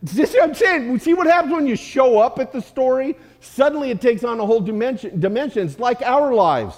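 A man's voice: very high voice, brisk. A man preaching as a guest speaker, retelling a story with humor and acted-out voices. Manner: animated, humorous, acts out voices. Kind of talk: storytelling sermon. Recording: echoey hall.

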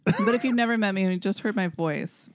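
A woman with a deep voice co-hosting a podcast in a relaxed way with dry humor. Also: quick pace. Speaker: podcast co-host. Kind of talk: casual podcast chat.

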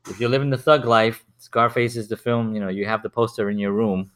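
A man's voice: lowish voice, flat delivery, fairly quick, fairly bright tone. A man in casual conversation, rambling and restarting, with lots of repeated words. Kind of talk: casual chat.

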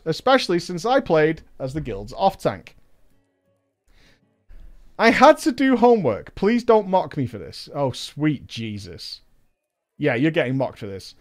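Animated man with a lively high voice. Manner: animated, mocking asides, swears. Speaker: podcast host reading a listener story. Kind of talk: comedic story reading with commentary.

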